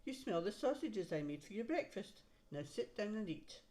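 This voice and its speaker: A woman voicing the giant's wife in a storybook reading, brisk and scolding. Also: mid-range voice, big pitch swings, warm tone, natural voice.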